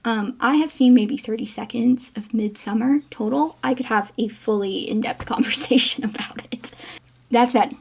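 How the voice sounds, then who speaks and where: A woman's voice: fairly high pitch, moderate pace, creaky, slightly rough. A woman, a geographer, giving casual film commentary to camera in a chatty, playful way with frequent small laughs.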